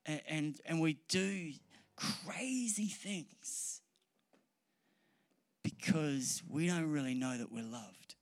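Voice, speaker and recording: A man preaching a sermon, often restarting his sentences, then building to loud, fast, passionate appeals. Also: fairly high pitch, no echo.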